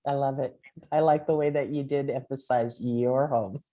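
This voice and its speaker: A woman's voice: rumbling low, steady tone, normal speed, dark tone. A woman leading an online real estate training, upbeat and encouraging as she calls on people. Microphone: video call.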